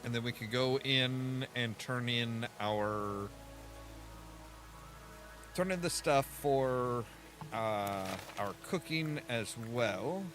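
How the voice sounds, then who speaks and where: Speaking very slowly in a medium-pitched voice, this man gives casual let's-play commentary on his own gameplay as a streamer. He thinks aloud, often trailing off and restarting, while faint game music runs in the background.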